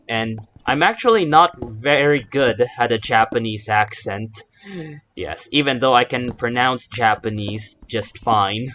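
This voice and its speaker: A man talks through his game session at an unhurried pace, wandering off into asides and correcting himself mid-thought. His voice sits at an ordinary pitch. A faint hiss runs under the recording. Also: a bit bright. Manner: rambling, chatty, self-correcting asides. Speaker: gaming YouTuber. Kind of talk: casual Let's Play commentary.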